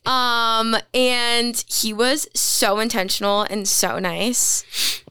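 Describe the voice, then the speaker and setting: Woman, podcast guest, vocal fry, clear tone, dry close sound. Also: fairly high pitch, no echo. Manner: excited, halting anecdote telling. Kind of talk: casual chat.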